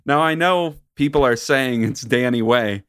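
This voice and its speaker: An American man co-hosting a casual chat, with wry, deadpan jokes. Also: mid-range voice, a little slow, clear, resonant tone, dry recording, studio quality. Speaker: podcast co-host.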